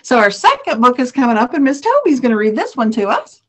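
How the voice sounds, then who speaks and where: A woman's voice: high-pitched, sing-song, fast talker, a bit bright, slightly rough. A woman hosting a children's library program, chatty and enthusiastic as she moves between segments. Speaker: program host.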